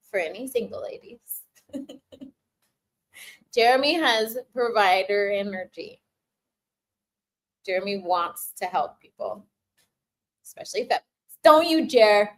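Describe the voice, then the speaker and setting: A woman's voice: medium pitch, lively intonation, takes it slowly, long pauses. A young woman hosting a casual live-stream Q&A, giggling often and teasing her chat as she gives playful advice. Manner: giggly, laughs often between phrases.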